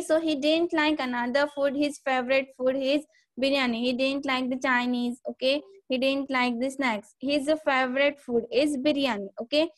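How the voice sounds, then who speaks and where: A woman teaching a grammar lesson, explaining step by step and saying "okay" again and again. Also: sits high. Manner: repeats "okay" and "see here" often, explains step by step.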